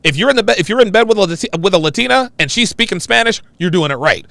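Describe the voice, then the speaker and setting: A man's voice: high voice, animated, quick pace, vocal fry, bright, forceful tone, no room sound. A man hosting a livestream, giving casual, profane reaction commentary and talking to viewers as "dude.". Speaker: livestream host reacting to a video.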